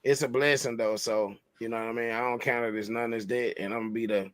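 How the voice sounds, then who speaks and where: A man's voice: mid-range voice, fairly even intonation, fast. A man, co-hosting a podcast in laid-back casual chat that he keeps filling with "you know what I'm saying.". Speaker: podcast co-host.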